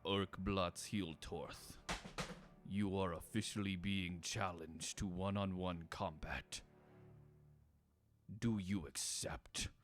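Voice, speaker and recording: A man voicing a stern orc chieftain with a booming voice. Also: steady tone, slow, soft background music.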